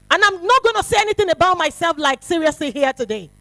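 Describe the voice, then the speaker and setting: A middle-aged woman, giving a fervent testimony to a youth retreat, swinging from hushed to shouting. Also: extremely high pitch, animated, fast talker, few pauses, no echo, poor audio. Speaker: prophetess speaking to a youth retreat. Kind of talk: impassioned testimony to a crowd.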